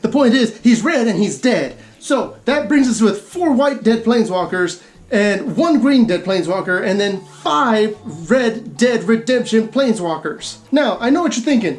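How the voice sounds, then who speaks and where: A woman hosting a gaming video, delivering a comic rant in an exasperated, emphatic, sarcastic way, with quick laughs. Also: on the high side, sing-song. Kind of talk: comedic rant commentary.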